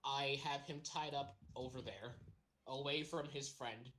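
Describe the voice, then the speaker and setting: A woman's voice: very deep voice, steady tone, measured pace, a bit bright. A woman playing a tabletop game, blunt and sweary. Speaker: player. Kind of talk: tabletop role-play.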